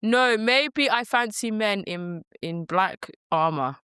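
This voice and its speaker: Woman co-hosting a film podcast, slangy and gushing, smooth voice, dry sound. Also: medium pitch, animated, slow, a bit bright, no room sound. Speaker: podcast co-host. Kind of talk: casual film podcast chat.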